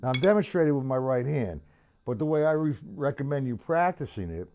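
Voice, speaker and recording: A man's voice: mid-range voice, big pitch swings, brisk. A man teaching a live-streamed drum lesson, chatty and loose, counting beats aloud while he plays. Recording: loud drum kit playing behind voice. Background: drum kit playing.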